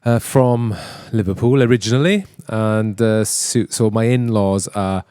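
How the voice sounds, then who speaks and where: A man's voice: fairly low pitch, measured pace, warm tone, clean tone, no echo, studio quality. A man hosting a podcast, chatting casually into a handheld mic, jokey and laughing often, with many restarts. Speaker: podcast host and band member. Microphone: handheld microphone.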